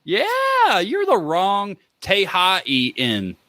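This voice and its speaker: Male podcast host, jokey and jumpy, high lively voice, very animated. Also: drawn-out words. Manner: excitable, joking, jumpy delivery. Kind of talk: casual podcast chat.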